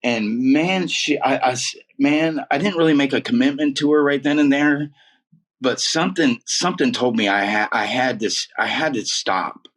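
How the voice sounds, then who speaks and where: A man's voice: medium pitch, normal speed, a bit bright. A man in his forties telling his story as an interview guest in a casual, emphatic way, dropping "man" and "dude" often. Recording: voice a bit far from the mic.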